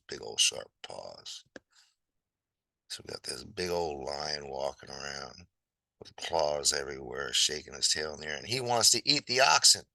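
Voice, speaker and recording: Bright-voiced man telling a fable casually. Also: rumbling low, vocal fry, no room sound, low-quality recording. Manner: rambling, playful, chatty asides. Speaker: storyteller. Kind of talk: casual fable storytelling while drawing.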